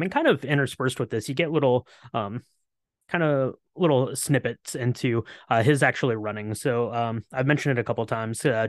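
Brief: man, dry close mic, relaxed podcast co-host with lots of fillers. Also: medium pitch, no echo. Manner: relaxed, filler-heavy with many ums. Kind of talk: casual film recap chat.

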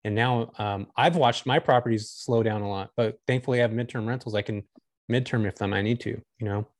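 A man's voice: fairly low pitch, fairly even intonation, brisk, no echo, clean studio sound. A man talking candidly and enthusiastically as a guest on a casual podcast chat. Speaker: guest, short-term rental host.

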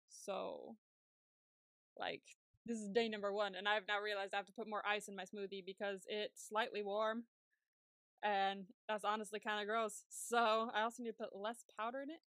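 Young woman, podcast co-host, bright voice on a dry, close mic, chatty and quick to laugh. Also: mid-range voice, dry recording. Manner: chatty, laughs often, acts out her own reactions. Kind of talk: casual chat.

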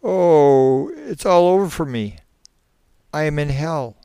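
A man voicing a terrified man under regression hypnosis, a former preacher, with shrill panicked outbursts. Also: sing-song, measured pace, no echo, studio quality.

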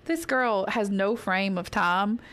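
A woman's voice: medium pitch, slow pace. A woman co-hosting a podcast in casual chat, acting out conversations with her kids. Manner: animated, acts out family dialogue. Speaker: podcast co-host.

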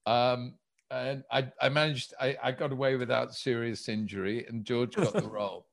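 A man's voice: mid-range voice, normal speed, creaky. A man recounting casting stories in an interview, acting out the dialogue as he goes. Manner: animated storyteller, acts out dialogue. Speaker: guest, director recalling casting. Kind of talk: anecdotal storytelling in an interview.

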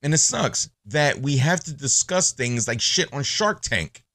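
The voice is medium-pitched and a little slow, with no room sound. A man hosting a podcast talks casually in a blunt, profane monologue, animated as he tells his stories.

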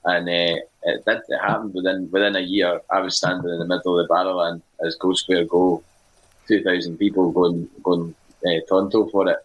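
A man's voice: low-pitched, level tone, normal speed, low-quality recording. A Scottish man co-hosting a podcast, telling long rambling anecdotes with many fillers in casual chat. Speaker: podcast co-host and music writer.

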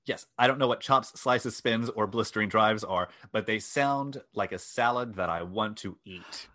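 A man with a somewhat low voice hosts a casual chat, walking his co-host through a story. He is wry and self-deprecating, and he sometimes reads aloud from his notes. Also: normal speed, pushed and bright. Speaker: podcast host.

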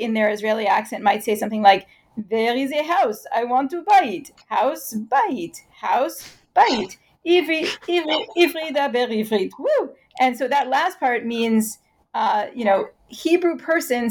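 A woman answering interview questions at length, explaining patiently and turning lively when she imitates chants. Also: fairly high pitch. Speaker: guest expert.

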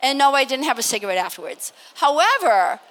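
An older woman from Massachusetts speaks as a panel guest at a live event, spinning a story with lots of laughter and acted-out quotes. Her voice sits high and sounds bright and forceful. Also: fairly quick. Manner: animated, laughing, acts out quotes. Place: live expo stage.

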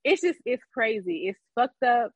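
A woman's voice: on the high side, big pitch swings, normal speed, slightly rough, no echo, poor audio. A woman co-hosting a casual talk show, speaking bluntly, swearing at times and often restarting her sentences. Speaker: podcast co-host. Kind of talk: casual chat.

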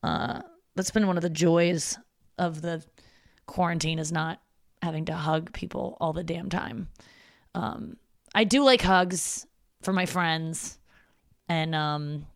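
A woman's voice: fairly low pitch, fairly even intonation, moderate pace, smooth, no room sound, studio quality. A woman hosting her podcast, talking alone in a loose, candid, yawning ramble with plenty of swearing. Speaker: podcast host. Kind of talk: casual solo monologue.

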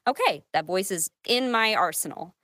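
A woman's voice: mid-range voice, animated, moderate pace, sharp tone, no room sound, clean studio sound. A woman who works as a voice actress, chatting casually with many fillers and acting out her own thoughts. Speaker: voice actress guest. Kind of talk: casual podcast chat.

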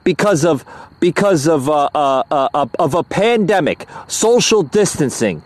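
A man's voice: a little high, expressive, measured pace, no room sound. A man hosting a political commentary podcast, talking in an angry, aggravated way with many hesitant fillers. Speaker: podcast host.

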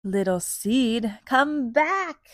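A woman's voice: high voice, animated, a little slow, no echo, studio quality, voice pushed up. A woman voicing a small, anxious but caring little fox in a children's storybook. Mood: calling.

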